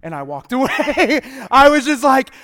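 A man's voice: extremely high pitch, big pitch swings, moderate pace, a bit bright. A man preaching as a youth pastor in a church, chatty and playful, often laughing as he talks. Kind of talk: casual humorous sermon. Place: church sanctuary. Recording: echoey church hall.

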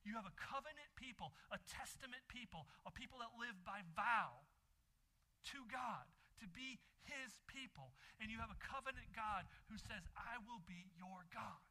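A man preaching a sermon as a pastor, emphatic, repeating phrases with dramatic pauses. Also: very high-pitched, expressive, pushed and bright, rough recording.

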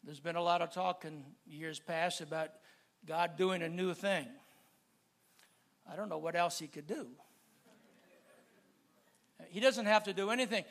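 A man preaching a sermon, talking easily with the congregation and building to loud, fervent preaching with repeated phrases. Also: high voice, measured pace, long pauses. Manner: repetitive listing cadence.

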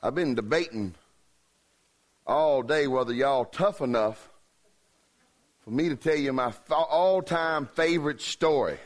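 A man's voice: mid-range voice, a little slow, pauses often. A man, a revival preacher telling a joke story in a folksy, joking way. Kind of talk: humorous sermon storytelling.

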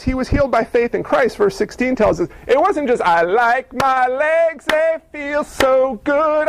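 A man preaching a sermon in a lively, animated way, acting out the people in the story he tells. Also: very high-pitched, dry recording, poor audio. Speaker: pastor.

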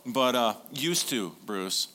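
Pastor preaching a lively sermon. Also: male voice, mid-range voice, takes it slowly. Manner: lively storytelling with congregation call-and-response.

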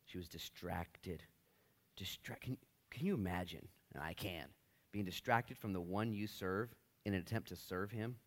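A man preaching a sermon in a church, animated and joking, acting out short voices. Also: sits low, normal speed. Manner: animated, jokey, acts out voices in bursts. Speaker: pastor.

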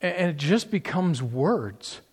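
A man's voice: a little high, very animated, unhurried, husky, in a large hall. A man preaching a conversational sermon, asking the listeners rhetorical questions and often restarting his sentences. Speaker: pastor.

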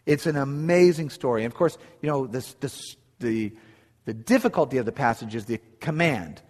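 A middle-aged male pastor delivers a sermon in an earnest storytelling way, often restarting his phrases. His voice sits at an ordinary pitch for a man. It rings out with a long reverb from a church hall. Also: animated, moderate pace, darkish tone.

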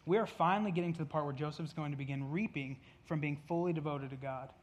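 A man's voice: fairly high pitch, fast talker, highs cut off. A male pastor giving a conversational sermon, with jokey asides and acted-out quotes, in a church.

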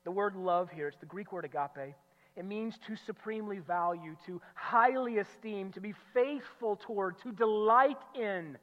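A male pastor preaching an expository sermon, emphatic, repeating key phrases and swinging from loud declarations to low, quiet asides. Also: moderate pace. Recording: muffled sound with long hall reverb.

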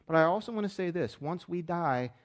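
A middle-aged man preaching a sermon, fast-talking and emphatic, swinging from loud bursts to hushed stretches. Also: a little high, animated. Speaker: pastor.

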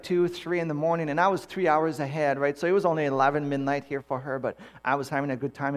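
Animated male pastor telling stories. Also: fairly high pitch. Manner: animated storyteller acting out dialogue. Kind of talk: sermon with personal storytelling.

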